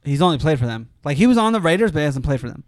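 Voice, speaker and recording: Young male podcast host, lively up-and-down voice, argues his point, dry mic. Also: on the high side, rapid-fire, dry recording. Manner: eager, argumentative sports talk. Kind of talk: casual podcast banter.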